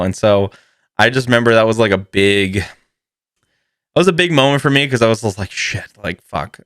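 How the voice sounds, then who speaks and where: A man's voice: fairly low pitch, a bit bright, no room sound, clean studio sound. A man hosting a podcast, telling a comedic story in a rambling way, swearing freely and laughing often. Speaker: podcast host.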